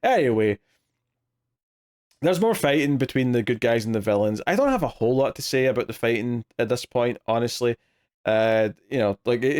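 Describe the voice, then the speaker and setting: A man's voice: lowish voice, a little mellow, smooth. A man co-hosting a podcast, recapping a comic issue in loose casual chat with many fillers and restarts. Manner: rambling, hesitant, lots of fillers and restarts. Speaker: podcast co-host. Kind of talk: casual comic book discussion.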